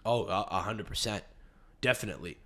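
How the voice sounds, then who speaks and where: A man's voice: on the low side, a little fast, pushed and bright. A man from Canada, hosting a podcast as a comedian and riffing animatedly with frequent restarts. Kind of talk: casual podcast monologue.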